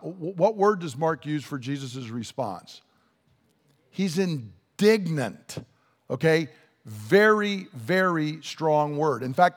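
Emphatic male preacher in a reverberant hall. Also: a little high. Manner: blunt, emphatic teaching with quoted dialogue. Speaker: pastor. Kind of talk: sermon.

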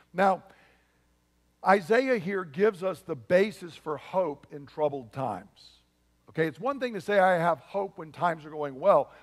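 A pastor preaching a sermon in an earnest, emphatic way, with frequent asides to the congregation. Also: male voice, a little high, in a large hall.

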